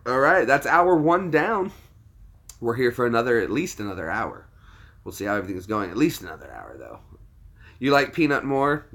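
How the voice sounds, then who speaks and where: A man's voice: mid-range voice, sing-song, moderate pace, a bit bright. A man from the United States hosting a casual livestream, jokey, laughing easily and chatting with viewers. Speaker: livestream host.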